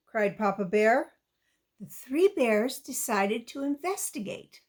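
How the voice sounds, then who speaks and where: A woman reading a children's story aloud in a slow, lilting way, asking the young listener questions. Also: on the high side, big pitch swings, darkish tone.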